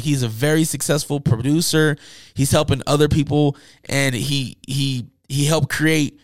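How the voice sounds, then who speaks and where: A man's voice: mid-range voice, no echo, studio quality. A man hosting a podcast and chatting in a loose, motivational way, with many fillers and restarts. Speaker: podcast host and DJ. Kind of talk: casual podcast monologue.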